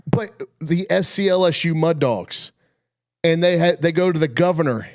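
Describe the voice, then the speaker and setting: A man's voice: on the high side, moderate pace, no echo, studio quality. A male radio host opening a sports talk show, chatty and emphatic.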